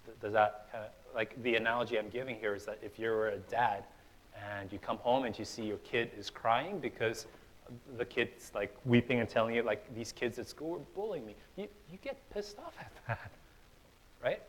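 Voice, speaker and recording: A man's voice: medium pitch, normal speed, poor audio. Casual young man preaching a sermon. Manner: casual, conversational preaching with fillers and repeated starts; builds to loud, emphatic passages. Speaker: pastor. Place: church hall.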